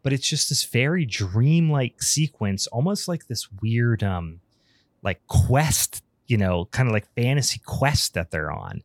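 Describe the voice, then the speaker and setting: A man's voice: mid-range voice, lively intonation, unhurried, dry recording, clean studio sound. A man co-hosting a podcast, recapping a film in casual, rambling talk full of fillers and swearing. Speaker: podcast co-host.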